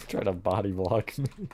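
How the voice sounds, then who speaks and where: His voice sits on the low side, warm and slightly rough, as he streams himself building and talks casually with viewers. He keeps up a chatty, self-mocking banter, replying to chat mid-task and laughing at his slips.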